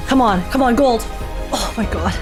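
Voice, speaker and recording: Excitable woman streamer, squealing. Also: fairly high pitch, normal speed, over music. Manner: excitable, squealing, chatty with viewers. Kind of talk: live gacha reaction stream.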